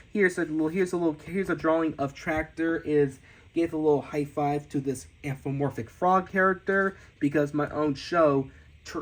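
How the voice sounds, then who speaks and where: A man, an amateur cartoonist, narrating a casual tour of his sketchbook with excited gasps and cheers, often restarting his sentences. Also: on the high side, low-quality recording.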